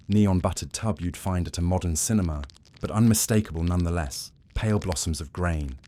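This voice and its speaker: A man narrating a sleepy bedtime history story in a slow, soothing, gently wry manner. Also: low-pitched, slight background noise.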